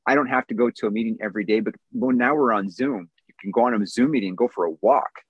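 A man's voice: lowish voice, quick pace, breathy edge, dry recording, lo-fi sound. A man in his thirties giving an earnest, candid personal testimony at a recovery meeting, answering questions with small self-deprecating laughs.

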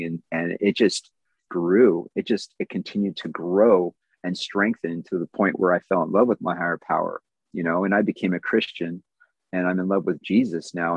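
A man's voice: sits low, gravelly, slightly rough, dry recording, muffled recording. A man in his thirties giving an earnest, candid personal testimony at a recovery meeting, answering questions with small self-deprecating laughs.

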